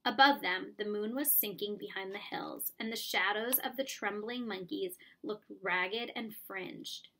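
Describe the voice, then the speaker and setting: A woman reading a children's storybook aloud with lively, expressive narration. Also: mid-range voice, measured pace, hardly any pauses. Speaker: audiobook reader.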